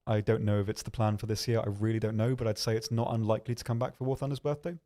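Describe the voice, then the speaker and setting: A man hosting a livestream, answering viewer questions in a hesitant, rambling way with dry, deadpan humor. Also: fairly low pitch, racing. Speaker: livestream host.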